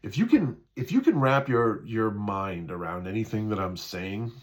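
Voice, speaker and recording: This man's voice is on the low side, animated and moderately paced. Talking casually about spiritual matters, he repeats himself, often checks "right?" and dramatizes people's inner voices.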